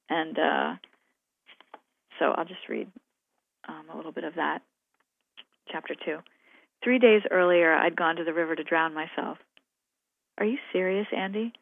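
A woman's voice: on the low side, gravelly, dry recording. A woman novelist talking thoughtfully and hesitantly about her writing, and reading aloud from her own novel. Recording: phone-like radio line.

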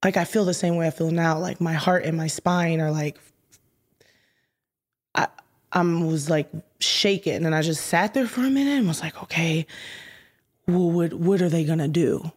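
A young woman, an interview guest and musician, telling an emotional story haltingly, with restarts and hushed whispered asides. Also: on the low side.

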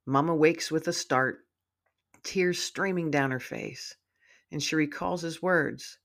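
A woman's voice: deep voice, slow. A woman author reading her own story aloud in a heartfelt, storytelling manner. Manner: warm, heartfelt narration.

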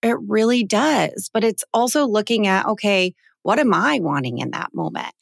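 A woman in her forties talks in a casual, heartfelt way as a podcast co-host. Her voice carries a gravelly fry at a middle pitch. The close mic sounds dry, with no room. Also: animated, moderate pace, no room sound. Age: 40s. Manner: earnest, emotional, heartfelt.

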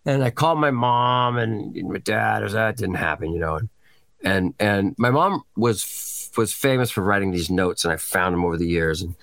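A man in his late fifties talks as a podcast guest, spinning anecdotes and slipping into other people's voices as he goes. His pitch swoops around a lot, and the sound is dry and close. He swears casually. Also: moderate pace, gravelly, dry recording. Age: 50s. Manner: animated storyteller, acts out quoted voices, swears freely. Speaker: actor guest.

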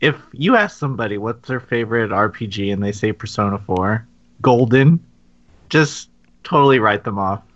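A man's voice: fairly low pitch, lively intonation, moderate pace, fairly bright tone, muffled recording. A man co-hosting a casual gaming podcast, joking and opinionated. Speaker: podcast co-host.

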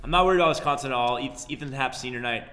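A man's voice: mid-range voice, very fast, sharp tone, long reverb tail. A man hosting a casual sports betting podcast, bantering sarcastically with his co-hosts. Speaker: podcast host.

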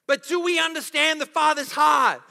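A man's voice: extremely high pitch, fairly even intonation, normal speed, vocal fry, bright, forceful tone. A man preaching a sermon as pastor, passionate and full of rhetorical questions, with a touch of sarcasm. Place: church auditorium. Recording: long reverb of a large hall.

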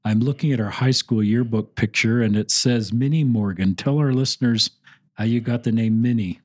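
A middle-aged man hosting a podcast interview, speaking slowly and earnestly as he reads a friend's post aloud. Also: mid-range voice, dry recording. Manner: slow, earnest, moved to emotion while reading. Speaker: podcast host.

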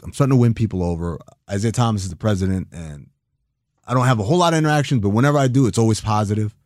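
A man in his thirties telling a long story in a casual, animated way, acting out the people he quotes and swearing now and then. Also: on the low side, no room sound, studio quality. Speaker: guest.

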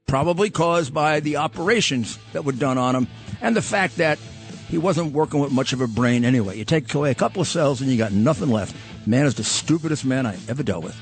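A man hosting a political talk show, talking bluntly and rambling, with frequent restarts. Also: a little high. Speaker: podcast host.

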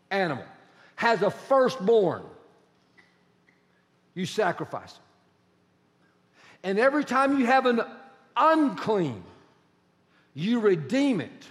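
High-voiced preacher in a reverberant hall. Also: male voice. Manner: quizzes the congregation, animated and emphatic. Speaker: pastor. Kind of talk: sermon.

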